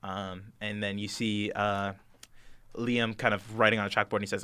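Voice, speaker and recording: A man narrating a tabletop game as game master, halting with many fillers. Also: lowish voice, little pitch movement, bright, forceful tone, smooth, no room sound.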